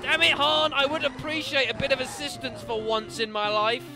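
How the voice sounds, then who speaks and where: A man commentating a video game, excitable and self-mocking, yelling at the enemies. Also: very high voice, fairly quick. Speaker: let's play commentator. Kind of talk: gaming commentary. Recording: game music behind the voice.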